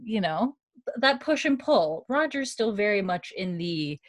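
Clean studio sound with no room sound carries a young woman's unhurried, mid-range voice as she recaps a TV episode for her podcast. She chats casually, acting out characters' lines and laughing often.

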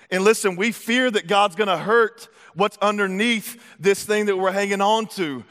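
A man preaching a sermon as pastor, lively and conversational, with repeated words and acted-out asides. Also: sits high, moderate pace, hardly any pauses. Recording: long hall reverb.

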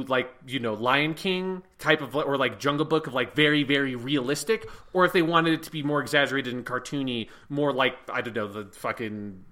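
A man's voice: a little high, pushed and bright. A man co-hosting a podcast, chatting casually in a rambling, sarcastic way with lots of filler words. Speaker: podcast co-host. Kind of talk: casual chat.

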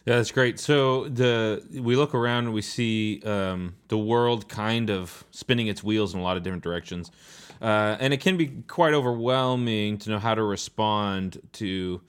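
A man's voice: lowish voice, smooth. A man co-hosting a reflective faith discussion, earnest and thoughtful, often searching for words as he talks. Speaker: podcast co-host.

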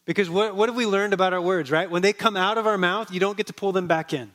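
The sermon comes from a pastor with a somewhat high voice who tells stories in an easygoing, conversational style there in the church. He drops his volume and pace on the words that matter most.

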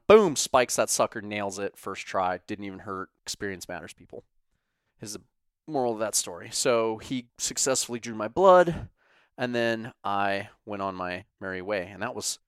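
A man telling a casual, animated story, sarcastic and full of profanity. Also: fairly low pitch, clean tone, no echo, studio quality.

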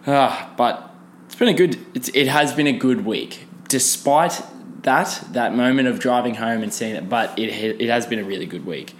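A man's voice: mid-range voice, normal speed, slight background noise. A young man, rambling casually through a solo podcast with lots of fillers and restarts. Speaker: podcast host.

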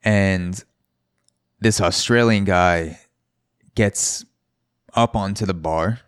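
A man's voice: sits low, extremely slow, smooth, dry recording, studio quality. A man hosting a solo podcast, telling a story in a rambling, casual way and often correcting himself. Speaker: podcast host.

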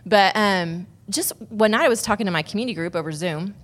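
A woman's voice: mid-range voice, brisk, fairly bright tone. A woman on a podcast telling a personal story in a casual, rambling way, with many restarts and asides. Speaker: podcast guest.

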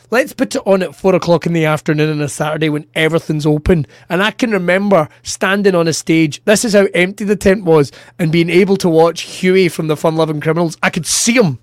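A Scottish man with a notably high voice tells rambling, sweary stories from his comedy gigs. He talks in an animated, rough-edged way. The sound is close and completely dry, with no room in it. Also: a little fast, few pauses, no room sound. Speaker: comedian and podcast co-host. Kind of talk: casual podcast chat, anecdotes.

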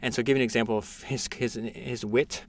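A man's voice: mid-range voice, steady tone, normal speed. A man hosting a casual podcast, summarizing a biography with enthusiasm, reading passages aloud with frequent fillers and restarts. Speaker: podcast host.

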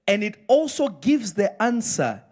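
A man preaching a live sermon in a church, reading scripture slowly and then breaking into impassioned shouts. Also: high voice, big pitch swings. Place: church sanctuary.

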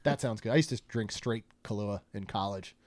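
A man's voice: fairly low pitch, brisk, darkish tone, no room sound. A man co-hosting a casual podcast, chatting and joking while reading out a food menu. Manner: chatty, jokey, reads menu items aloud. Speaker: podcast co-host.

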